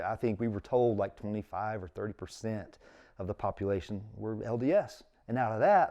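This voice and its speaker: A man's voice: on the low side, dark tone. A middle-aged man, telling his story in casual conversation as an interview guest and acting out quotes with big jumps in his voice.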